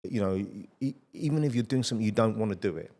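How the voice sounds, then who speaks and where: A middle-aged man with a fairly low voice hosts a podcast in relaxed conversation. He tells energetic, blunt anecdotes and swears freely. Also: fast. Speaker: podcast host. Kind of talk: casual conversational storytelling.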